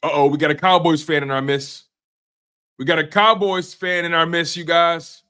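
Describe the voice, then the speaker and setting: A man's voice: on the high side, fairly even intonation, normal speed, pushed and bright, smooth. A man hosting a live sports stream, breaking down team news and ranting heatedly at rival fans. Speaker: sports show host.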